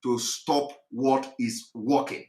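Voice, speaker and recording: A man hosting a call-in talk show, who speaks in a halting, measured way with many pauses and restarts. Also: mid-range voice, steady tone, darkish tone, roomy sound. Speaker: host.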